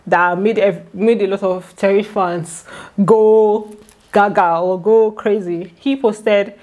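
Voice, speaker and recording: A young woman talks casually to her viewers, recapping and commenting in a relaxed vlog style. Her voice sits in an ordinary middle register. She keeps an easy, conversational flow and often speaks to her audience directly. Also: mid-range voice, slow, lo-fi sound. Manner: chatty, talks straight to viewers. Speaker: YouTuber recapping a reality show.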